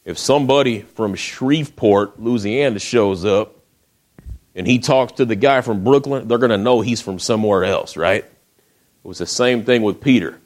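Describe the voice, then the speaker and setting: A man preaching a sermon, retelling the story in a folksy way with acted quotes, often dropping to a hush. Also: fairly low pitch, moderate pace.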